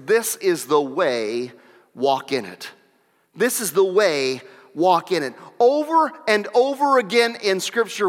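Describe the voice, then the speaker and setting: A man preaches with a high, bright, forceful tone, circling back to key phrases and asking the congregation questions. His voice rings out with a long reverb, as in a big church sanctuary. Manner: emphatic preaching with repeated phrases and rhetorical questions. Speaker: pastor. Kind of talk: sermon. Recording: long reverb of a large hall.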